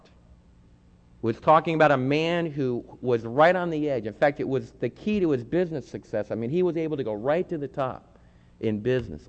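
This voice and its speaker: A man preaching a sermon, animated, swinging between hushed asides and loud pleading. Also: mid-range voice. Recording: dull lo-fi recording in a large hall.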